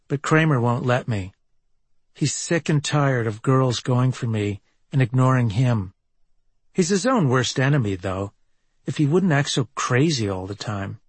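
A man from Minneapolis reading a personal travel memoir aloud in a wry, deadpan delivery. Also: medium pitch, slightly rough, dry recording. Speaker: memoir narrator.

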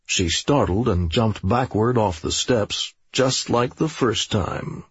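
A man narrating an audiobook in a steady, deliberate way. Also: on the low side, breathy edge, no echo. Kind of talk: scripted narration. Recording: slightly dull, dry audio.

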